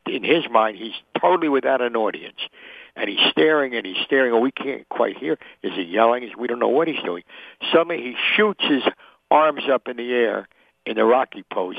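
A man's voice: medium pitch, gravelly, no room sound. Older man telling stories over a tinny phone line. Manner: vivid anecdotal storyteller, acting out quotes. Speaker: sportswriter guest. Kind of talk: interview storytelling.

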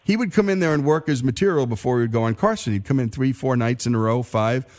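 A man's voice: medium pitch, fast, a little mellow. A man hosting a radio interview, enthusiastic and stammering a little as he builds his questions. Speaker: radio show host.

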